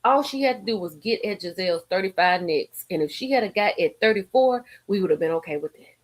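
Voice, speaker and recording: A woman hosting a live stream, ranting in a sassy, profane, animated way with frequent laughter, a little tipsy from drinking. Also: mid-range voice, brisk. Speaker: livestream host. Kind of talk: casual live-stream commentary.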